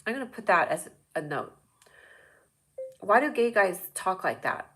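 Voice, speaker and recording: A woman's voice: medium pitch, sing-song, normal speed, a bit bright, slight background noise. A woman hosting a livestream show, chatting in a rambling, jokey way straight to her viewers. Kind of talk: casual livestream chat.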